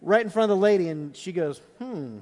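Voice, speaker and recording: A middle-aged male pastor preaching a sermon, passionate at times and dropping to a hushed tone in prayer, in a large church auditorium. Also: high-pitched, fast. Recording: long hall reverb.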